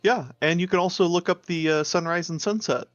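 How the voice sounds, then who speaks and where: A man playing in a tabletop game, joking quickly with the group. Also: high voice, fairly bright tone, dry recording, faint music behind. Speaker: player. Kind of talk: casual chat at a game table. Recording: dull lo-fi mic.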